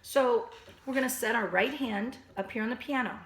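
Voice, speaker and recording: A woman teaching a recorded piano lesson to children and their parents, patient and instructive, slightly hoarse and often clearing her throat. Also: a little high, normal speed, a bit bright, reverberant. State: losing her voice. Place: at a piano, indoors.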